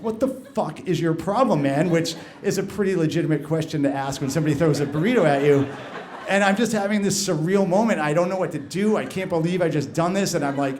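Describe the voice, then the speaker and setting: A man with a somewhat raised pitch tells a personal story live before an audience. His delivery is loose and conversational, sprinkled with fillers and self-corrections. A faint hum of noise sits under the voice. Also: a little mellow. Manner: conversational, frequent "like" fillers and restarts. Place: live story slam event.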